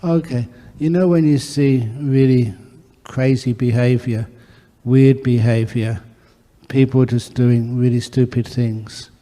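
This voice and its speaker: A man's voice: mid-range voice, steady tone, takes it slowly. A man, a Buddhist monk, telling stories in a dharma talk and acting out the dialogue. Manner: warm anecdotal storytelling with acted dialogue. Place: monastery hall. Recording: long hall reverb.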